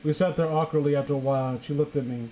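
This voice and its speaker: A man's voice: on the high side, fairly even intonation, rapid-fire, dark tone, slight background noise, rough recording. A young man hosting a comedic reading of fan fiction, sarcastic and exasperated in his commentary. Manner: sarcastic, exasperated, breaks into laughter.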